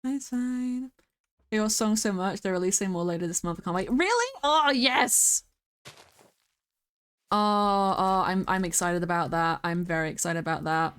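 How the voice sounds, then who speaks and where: A woman's voice: medium pitch, expressive, measured pace, fairly bright tone, smooth. A young British woman streaming a game, chatting casually, rambling and giggling as she talks. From Britain. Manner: sings along to music at times.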